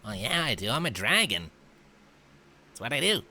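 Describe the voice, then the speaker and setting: Man voicing a chirpy young male dragon, bright and swooping, playful and greedy for meat. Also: medium pitch, very animated, normal speed, exaggerated voice. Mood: cheerful.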